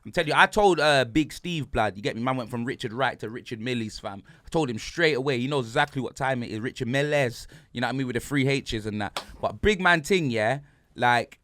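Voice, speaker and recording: A man's voice: medium pitch, brisk, fairly bright tone. A man hosting a casual sports podcast, ranting animatedly in heavy street slang. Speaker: podcast host.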